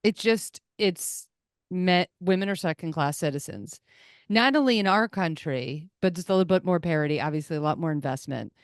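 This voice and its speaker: A woman hosting a podcast, telling animated stories in a casual chat. Her voice sits a little low and sounds smooth and clear. The recording is dry and close. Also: dry recording. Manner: animated storyteller, quick asides and put-on voices. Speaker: podcast host.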